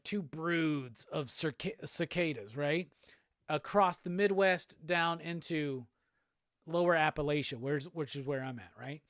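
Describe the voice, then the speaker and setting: A man's voice: sits high, fairly bright tone, no echo, clean studio sound. Profane laid-back man hosting. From Southern United States. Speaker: livestream host. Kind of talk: casual chat reading viewer comments.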